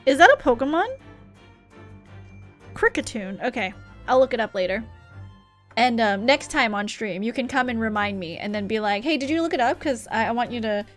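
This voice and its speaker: A woman's voice: on the high side, normal speed, pauses often, faint music behind. A young woman streaming a game, chatting casually and reading the game's dialogue aloud with a giggly manner. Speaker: VTuber streamer. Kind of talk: casual live-stream gameplay chat.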